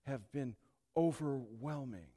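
A male pastor preaching an impassioned sermon, swinging between hushed and loud delivery. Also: mid-range voice, slow. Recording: long hall reverb.

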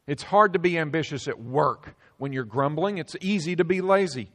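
A male pastor preaching a sermon, swinging between loud emphasis and sudden hushed drops. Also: on the high side, normal speed, hardly any pauses.

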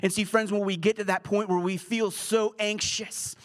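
A pastor delivers an earnest sermon. His voice sits fairly high for a man, and he sometimes sinks into a hushed whisper to draw listeners close. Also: little pitch movement, moderate pace. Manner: earnest preaching, dropping to a hushed whisper at times.

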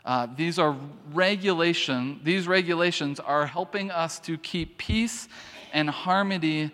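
A man preaching in a church, his fairly high voice smooth and resonant. He drifts between reading scripture and chatty asides, often restarting his sentences. The hall rings with long reverb. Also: a little slow, a bit bright. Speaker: pastor. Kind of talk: sermon.

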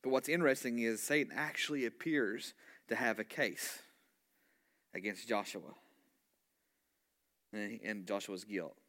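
A male pastor preaching a sermon in an animated way, often restarting phrases and asking his congregation questions. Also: on the low side, measured pace, long pauses. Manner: animated, with frequent restarts and repeated words; asks the congregation rhetorical questions and call-and-response.

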